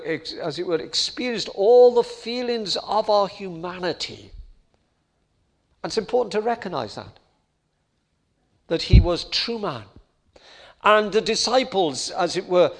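A middle-aged man preaching a sermon, earnest and rising to fervent appeals. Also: sits high.

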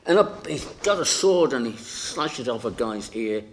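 A man delivers a sermon at an unhurried, deliberate pace. He preaches emphatically and acts out scenes with quoted voices. His voice sits at a middling pitch. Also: very animated.

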